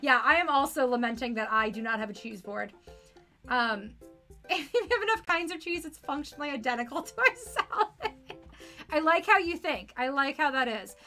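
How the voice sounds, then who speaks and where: A woman's voice: sits high, lively intonation, moderate pace, bright, forceful tone, soft background music. A young woman streaming a game, chatting casually and reading its text aloud, playful and fond of puns, rambling about food.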